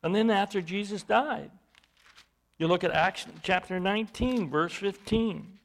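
A man's voice: high-pitched, a little slow. A man preaching a sermon, teaching from scripture in an emphatic way, with bursts of volume.

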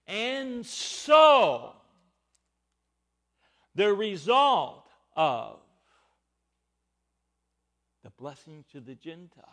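A high-voiced man delivers a Bible teaching sermon at a slow, deliberate pace. His pitch swings widely as he leans hard on key words. His delivery is emphatic throughout. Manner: emphatic, rising and falling with stress on key words. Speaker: preacher.

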